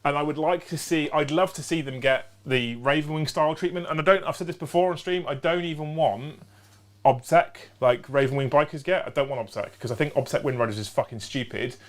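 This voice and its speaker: A man's voice: on the high side, brisk. A man hosting a tabletop wargame stream, joking, swearing and explaining the rules in casual chat.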